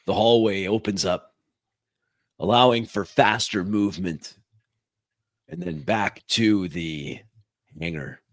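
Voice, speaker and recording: A man narrating as game master of a science fiction tabletop game, describing events in a measured way. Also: sits low, dry recording.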